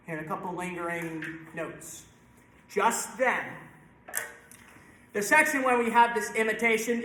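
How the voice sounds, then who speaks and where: Bright-voiced conductor in echoey church. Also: male voice, high-pitched, a little hiss or hum. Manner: sings out parts with syllables; brisk, encouraging coaching. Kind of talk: rehearsal instruction. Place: church sanctuary. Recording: roomy church echo with instruments.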